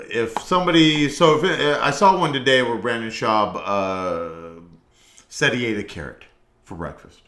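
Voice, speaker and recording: A man's voice: mid-range voice, sharp tone. A man hosting a casual solo podcast, talking in a loose, rambling, meandering way. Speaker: podcast host. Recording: echoey room.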